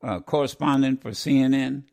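A man's voice: medium pitch, fairly even intonation, moderate pace, vocal fry, darkish tone. A man hosting a live radio talk show, rambling with many fillers and restarts, blunt and opinionated.

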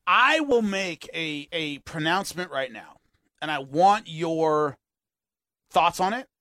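A man hosting a sports talk radio show, ranting in an animated and exasperated way. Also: on the high side, slow, dry recording, studio quality.

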